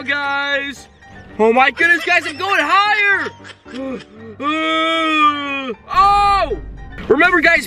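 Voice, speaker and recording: A young man hosting a reaction video, excitable and exclaiming often, constantly addressing his viewers. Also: extremely high pitch. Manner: excitable, exclaims often, keeps saying "guys". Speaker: reaction channel host. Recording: background music under voice.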